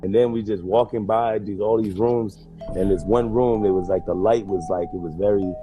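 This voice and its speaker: A man's voice: lowish voice, normal speed, phone-quality sound, over music. A man telling a story in casual chat, laughing often and acting out what people said. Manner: animated storyteller, laughs often, mimics others.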